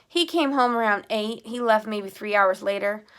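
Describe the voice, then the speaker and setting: A woman's voice: mid-range voice, moderate pace, clean tone, lightly acted. A woman reading a weary, protective mother. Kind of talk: audiobook character reading.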